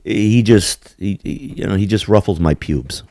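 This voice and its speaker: A man's voice: lowish voice, a little slow, dry recording. A man, hosting a casual chat in a rambling, profane way. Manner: profane, rambling, animated with put-on quotes. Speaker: podcast host.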